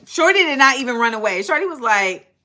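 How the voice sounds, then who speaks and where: Middle-aged woman host, dramatic storyteller, lively high pitch. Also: fairly quick, slight background noise. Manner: animated, dramatic retelling with acted-out quotes and laughter. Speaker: livestream host. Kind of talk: casual storytelling to a live chat.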